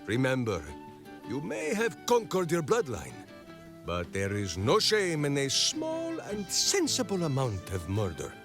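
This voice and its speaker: A man's voice: mid-range voice, huge pitch swings, unhurried, a bit bright, exaggerated voice. An actor playing a boisterous, grandiose male warrior-ranger in a video game, who speaks of himself in the third person. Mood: boastful. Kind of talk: video game character dialogue. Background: faint game music.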